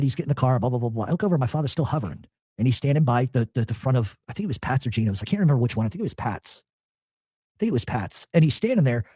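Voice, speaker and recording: A man's voice: medium pitch, husky, no room sound, studio quality. A man telling a long, profane family story in casual talk, animatedly acting out what people said. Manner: profane, animated, acts out quotes.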